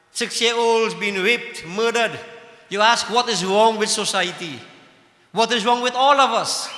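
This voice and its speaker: A man's voice: high voice, bright, forceful tone. A man preaching a sermon to devotees, scolding and impassioned, full of rhetorical questions. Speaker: religious leader addressing devotees. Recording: echoey hall with long reverb.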